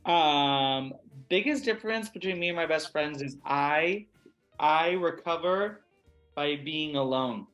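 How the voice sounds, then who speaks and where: A man's voice: on the high side, slow pace, a bit bright, lo-fi sound, soft background music. An American man, an actor guest, chatting expressively and casually in an interview. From USA.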